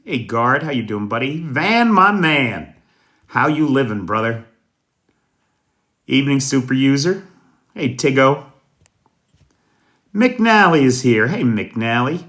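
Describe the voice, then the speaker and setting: An American man hosting a casual livestream news show, greeting viewers by name in a folksy, unhurried way. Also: medium pitch, very animated, a bit bright. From United States. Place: indoors at night.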